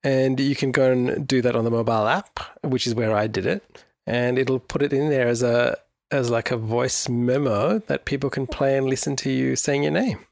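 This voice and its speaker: Male co-host, gravelly mid voice, dry close mic, conversational. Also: medium pitch, fairly even intonation, moderate pace, darkish tone, no room sound. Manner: conversational, segment-introducing. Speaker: podcast co-host. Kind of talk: casual marketing podcast chat.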